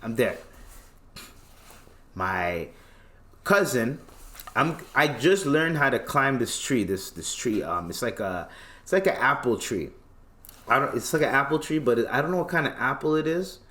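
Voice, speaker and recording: A man's voice: medium pitch, moderate pace, pauses often. A man hosting a podcast, telling a casual story in slangy talk and acting out the voices of the people in it. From Tanzania. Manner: animated, slangy, acts out quoted voices. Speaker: podcast host.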